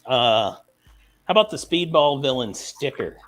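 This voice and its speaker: A man's voice: medium pitch, animated, unhurried, a bit bright, a little hiss or hum. A man chatting enthusiastically and joking in a casual online video-call hangout. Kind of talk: casual online group chat.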